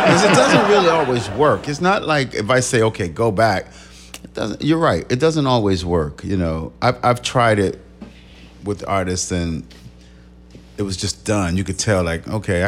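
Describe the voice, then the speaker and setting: An older man with a somewhat low voice tells stories as an interview guest. He speaks at a relaxed pace, laughs easily, and stops to reflect and repeat himself. The tone stays conversational and candid. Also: moderate pace, a little hiss or hum. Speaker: record executive and producer guest.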